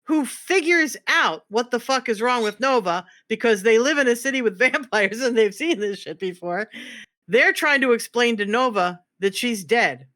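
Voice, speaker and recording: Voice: medium pitch, animated, normal speed, pushed and bright. A streamer casually recapping a roleplay scene with lots of swearing, restarts and emphatic repeats.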